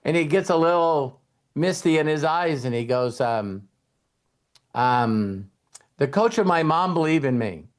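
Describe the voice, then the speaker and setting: A man's voice: a little high, animated, measured pace. A middle-aged man hosting a motivational talk, telling stories and acting out quoted voices with some casual swearing. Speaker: host and mentor.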